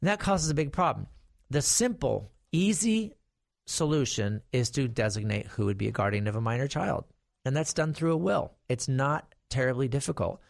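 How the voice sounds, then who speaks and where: A middle-aged man working as an estate planning attorney explains guardianship to viewers with big pitch swings in a gravelly mid-range voice, at normal speed. He talks conversationally, like telling a story, and warns emphatically. The sound is clean studio audio without echo.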